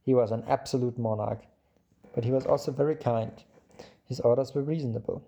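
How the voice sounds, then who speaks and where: Male audiobook narrator, calm and measured, with a gravelly, very dark voice. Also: medium pitch, lo-fi sound. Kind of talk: storybook narration.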